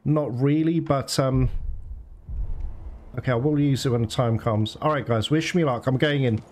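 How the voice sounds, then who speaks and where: A man doing let's play commentary as host, excitable, swearing and laughing at the game. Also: medium pitch, normal speed, slight background noise. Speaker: gaming channel host. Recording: game music behind the voice.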